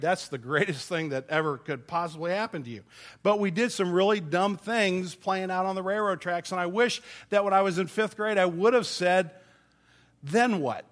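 A middle-aged male pastor with a fairly high voice delivers a sermon. He talks in a folksy, storytelling way and pokes gentle fun at himself. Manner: folksy storytelling with self-deprecating humor.

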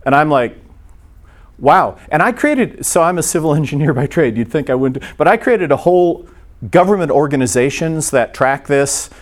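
A man's voice: fairly high pitch, lively intonation, brisk. A middle-aged man preaching a sermon in a conversational, storytelling manner, often restarting his sentences. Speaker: pastor.

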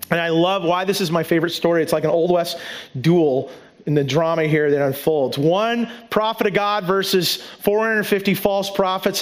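Male pastor, high register, earnest preaching with emphatic repeats. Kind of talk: sermon.

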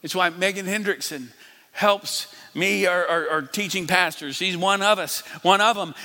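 Pastor preaching in an echoing hall. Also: male voice, high voice. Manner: emphatic, swings between loud and hushed. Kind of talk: sermon. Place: large church hall. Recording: long hall reverb.

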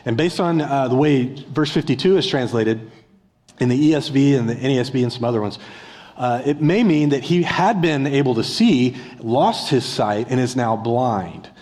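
A middle-aged man delivers a conversational sermon, checking in with his listeners through rhetorical questions. His voice sits at an ordinary mid pitch. It carries the long reverb of a large church hall. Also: moderate pace. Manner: conversational preaching with rhetorical questions, acts out a beggar's yelling. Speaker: discipleship pastor.

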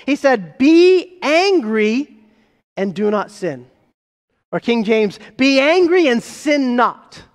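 High-voiced pastor preaching in a reverberant hall. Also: male voice. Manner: emphatic, rhetorical questions, slows for key phrases. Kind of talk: sermon. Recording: long reverb of a large hall.

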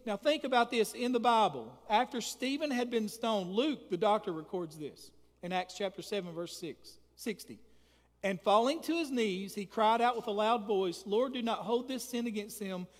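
A man preaching a sermon and leading prayer as pastor, emphatic and repetitive, building to loud peaks. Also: high-pitched, normal speed, in a large hall. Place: church sanctuary.

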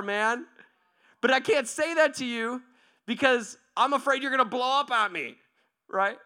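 A man with a high, bright voice preaching a sermon. He tells stories animatedly, jumping between loud acted-out lines and hushed asides. He keeps it conversational, tossing in "right?" again and again. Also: normal speed, smooth. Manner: animated storytelling, acting out quoted voices. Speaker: pastor.

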